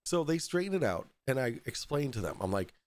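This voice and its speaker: A man's voice: medium pitch, big pitch swings, a little fast. A man hosting a podcast, telling a story in a casual, profane way, often laughing through it. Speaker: podcast host.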